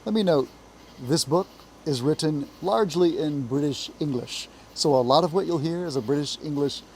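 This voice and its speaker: A man's voice: a little high, slight background noise, rough recording. Appalachian man reading a storybook aloud. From Appalachia, US South. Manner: measured, expressive storytelling. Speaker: reader, teacher. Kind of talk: reading a children's book aloud.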